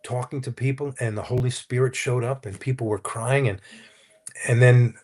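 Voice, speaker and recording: A man's voice: medium pitch, fairly even intonation, moderate pace, a little mellow. A man, a Christian counselor, earnestly telling his personal testimony in a conversational interview. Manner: earnest, anecdotal, quotes others as he tells the story.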